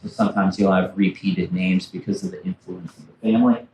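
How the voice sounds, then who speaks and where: A man's voice: deep voice, level tone, brisk, darkish tone, a little hiss or hum. A man, an author and former backcountry ranger, giving a storytelling slide talk in a library and acting out quoted historical figures. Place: library meeting room. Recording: echoey room from afar.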